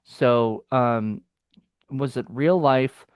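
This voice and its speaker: A man's voice: medium pitch, extremely slow, clean tone, no echo, dull audio. A man co-hosting a film review chat, talking casually and rambling with many fillers and restarts.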